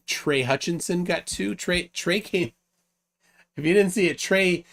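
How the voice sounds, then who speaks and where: A man hosting a casual livestream call, reading out lists of nominations with frequent restarts. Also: on the high side. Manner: rambling, restarts, reads out lists. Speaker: livestream host.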